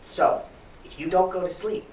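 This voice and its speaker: A man voicing a patient mother who quietly warns her son to go to sleep, heard from far off in an echoing room. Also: high-pitched, steady tone, normal speed, a little hiss or hum, pitched above the performer's own voice, lightly acted. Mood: hushed. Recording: roomy hall, mic from far off.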